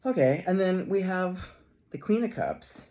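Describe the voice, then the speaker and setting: Animated middle-aged man reading tarot. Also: sits high, unhurried. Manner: animated, chatty, laughing often, playful asides. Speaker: tarot reader. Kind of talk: casual tarot reading to camera.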